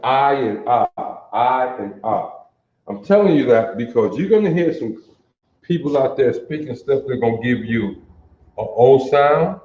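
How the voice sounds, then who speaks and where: A man teaching an alphabet in a lesson, slow and deliberate, often quizzing his listeners with questions. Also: mid-range voice, warm tone. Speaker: language teacher. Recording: roomy, dull lo-fi sound.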